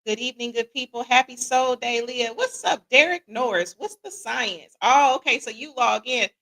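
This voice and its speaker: A middle-aged woman hosts a casual livestream, reading out viewer comments. Her voice sits a bit high, and she talks in a lively, slangy, joking way. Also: normal speed. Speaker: podcast host.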